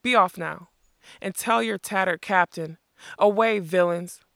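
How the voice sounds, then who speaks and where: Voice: medium pitch, normal speed, a bit bright, clean tone, dry recording, clean studio sound, natural voice. A reader voicing a fat, greedy, pompous male mayor who complains and blusters, in a storybook reading. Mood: blustering.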